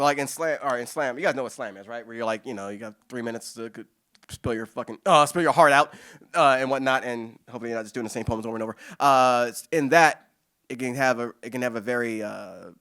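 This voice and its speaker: A man in his forties answers audience questions at a poetry reading in an excited rush. He keeps restarting his sentences and swears casually. His pitch sits in an ordinary middle range. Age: 40s. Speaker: guest poet at a reading.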